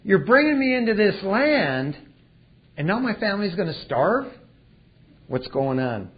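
A man voicing a puzzled man who questions God in an animated way. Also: sits high, unhurried, voice pushed up. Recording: dull lo-fi recording.

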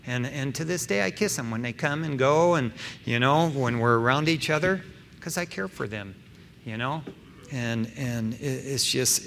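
A middle-aged man preaching a sermon as pastor, emphatic, swinging between loud stressed phrases and soft asides, with casual fillers like "you know" and "man". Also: medium pitch. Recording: long hall reverb with faint background noise.

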